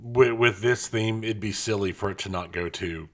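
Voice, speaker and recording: A man's voice: lowish voice, moderate pace, a bit bright. A man co-hosting a gaming podcast in casual chat, hesitant and restarting his sentences. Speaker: podcast co-host.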